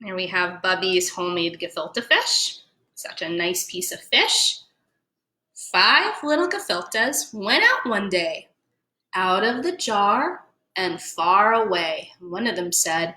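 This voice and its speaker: A woman museum educator reading a children's story aloud, playful and animated, explaining words as she goes. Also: mid-range voice, unhurried. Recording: echoey room.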